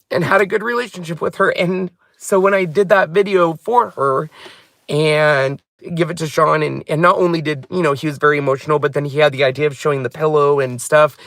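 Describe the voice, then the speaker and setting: A man's voice: fairly high pitch, sharp tone, dry recording, studio quality. A man hosting a craft channel, chatting casually and heartfeltly from inside a car, often drifting off on tangents. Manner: rambling, heartfelt, wanders off on tangents. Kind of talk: casual vlog chat.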